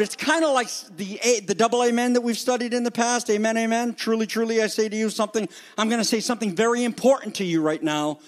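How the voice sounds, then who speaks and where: A man preaching a sermon in an animated, jokey way, often rising and dropping his voice for emphasis. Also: high-pitched. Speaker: pastor.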